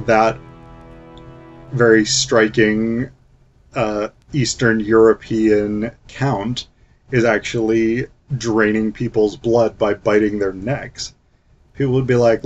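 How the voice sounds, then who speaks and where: A man's voice: medium pitch, steady tone, takes it slowly. Man, host, casual film review, sarcastic and jokey, lots of fillers, dull lo-fi sound, faint background music.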